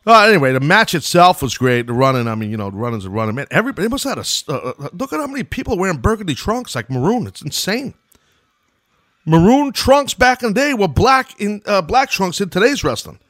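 A man's voice: high voice, very animated, quick pace, a bit bright, no room sound, clean studio sound. A middle-aged man with a New York accent, hosting a podcast and giving casual, rambling play-by-play of an old wrestling match, drifting into asides. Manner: loose and chatty, wanders into asides.

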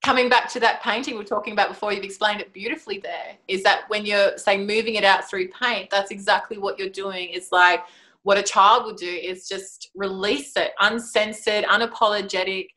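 A woman hosting a casual conversation, expressive and enthusiastic, often laughing as she talks. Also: mid-range voice, brisk.

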